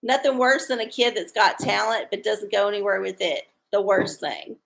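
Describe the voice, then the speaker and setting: A woman's voice: medium pitch, moderate pace, creaky, fairly bright tone. A woman hosting a tarot livestream, chatting casually with viewers in an irreverent, rambling way and joking crudely. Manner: irreverent, rambling, crude jokes, chuckles often. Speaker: tarot-reading livestream host.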